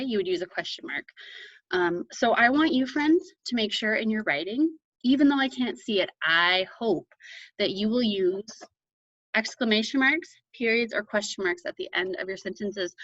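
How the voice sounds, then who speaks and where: Gentle kindergarten teacher, dull dry recording. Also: female voice, mid-range voice, animated, moderate pace, no room sound. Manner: gentle and encouraging, with frequent ums. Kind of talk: recorded video lesson for young children. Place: empty classroom.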